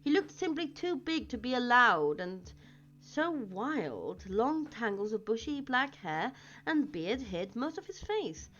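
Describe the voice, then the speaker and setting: A woman reading a novel aloud in an expressive way, with small slips, on a dull lo-fi recording with faint music. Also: on the high side, takes it slowly. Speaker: reader.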